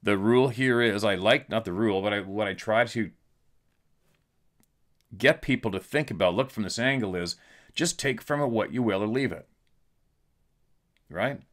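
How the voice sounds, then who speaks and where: A middle-aged man with a very low voice tells a story in a casual, blunt way. He hammers his points home and repeats himself for emphasis, like a podcast host talking straight to his listeners. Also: normal speed, pauses often, a bit bright.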